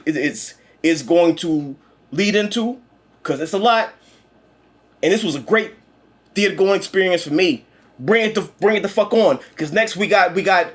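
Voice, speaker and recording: A young man chatting casually about a movie he just saw, animated and profane, repeating himself and acting out lines. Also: high voice. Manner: animated, profane, repeats words and acts out quotes. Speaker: movie reviewer. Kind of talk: casual chat.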